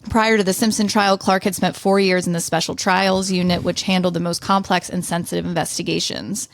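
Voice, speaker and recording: Woman on a podcast narrating true crime, lowish voice, dry sound. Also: flat delivery, a little fast, gravelly, no room sound. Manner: storytelling, reading events in order. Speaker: podcast co-host.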